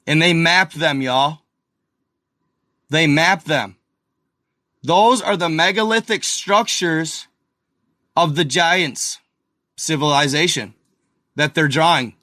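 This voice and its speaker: A man hosting a casual video, excitedly talking viewers through an old map and repeating himself as he points things out. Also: a little high, takes it slowly, pauses often, dry recording, studio quality. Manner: excited, repetitive, addresses viewers as guys and y'all. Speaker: video host. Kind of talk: casual commentary over a map.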